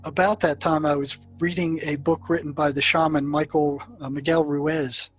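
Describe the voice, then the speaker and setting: A man who once worked as a prison therapist, recounting sessions with patients in a halting way, often stumbling and repeating his words. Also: on the high side, flat delivery, faint music behind. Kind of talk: storytelling recollection.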